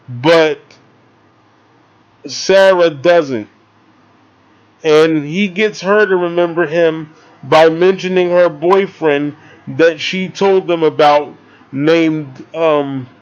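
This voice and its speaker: Rambling excitable man, high voice. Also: highs cut off. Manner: rambling and excitable, swears casually. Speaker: movie reviewer. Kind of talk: casual spoken movie review.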